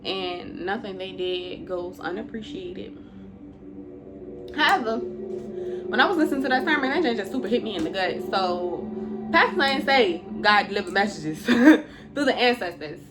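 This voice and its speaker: A woman who works as an intuitive spiritual reader gives a casual spiritual talk to her viewers, chatty, calling them y'all and laughing often. Her medium-pitched voice has lively intonation and a slightly slow pace. Music plays in the background.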